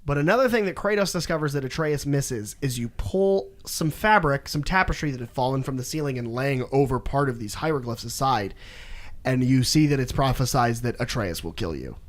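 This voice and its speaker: A man's voice: mid-range voice, lively intonation, a little fast. A young man co-hosting a casual podcast, animatedly retelling a video game story and acting out the characters' lines. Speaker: podcast co-host.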